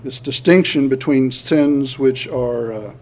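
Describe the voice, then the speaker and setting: A man's voice: mid-range voice, takes it slowly, a little mellow. A male pastor preaching a sermon, earnest, often restarting words and building to emphatic points.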